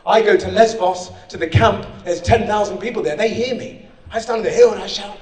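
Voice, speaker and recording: A man's voice: high-pitched, fairly quick, recorded from a distance. A man giving a rousing motivational speech at a conference, speaking straight to the audience. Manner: energetic, rousing, direct to the audience. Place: conference hall. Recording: echoey hall, speaker off-mic.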